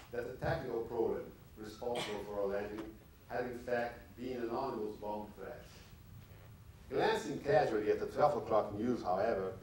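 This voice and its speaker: A man reading his own novel aloud to a live audience at a measured, careful pace, speaking English as a second language. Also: medium pitch. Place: large library hall at a public event. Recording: echoey hall, distant mic, faint noise.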